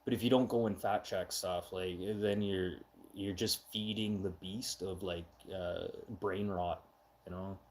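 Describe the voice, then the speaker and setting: A middle-aged man hosting a casual live chat, talking loudly and with heavy emphasis, getting excitable when he has an opinion. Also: low voice, measured pace, slight background noise. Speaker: live stream host.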